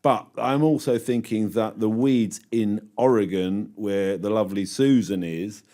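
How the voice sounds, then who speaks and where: A man's voice: fairly low pitch, steady tone, unhurried, mellow. A man co-hosting a gardening podcast, talking in a thoughtful, rambling way and repeating words. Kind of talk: casual chat.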